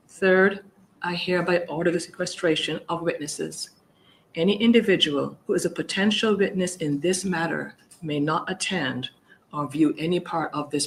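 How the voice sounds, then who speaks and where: A woman commissioner presiding over a hearing, reading out procedure in a formal, measured and firm way. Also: on the low side, slight background noise, poor audio.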